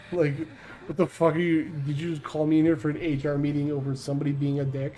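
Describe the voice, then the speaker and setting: A man's voice: fairly high pitch, monotone, fast talker, dark tone, a little hiss or hum, rough recording. A man chatting casually on a livestream, blunt and profane, rambling with restarts. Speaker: streamer.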